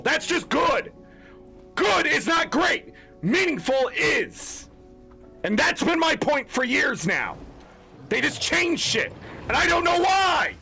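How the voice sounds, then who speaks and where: Male gaming creator, high bright voice, gravelly, exasperated swearing rant over faint music. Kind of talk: ranting commentary.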